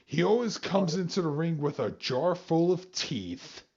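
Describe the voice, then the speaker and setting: Animated husky-voiced man on a podcast. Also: fairly high pitch, a little slow. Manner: animated, swears freely. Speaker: podcast host. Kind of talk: casual chat. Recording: dull lo-fi sound.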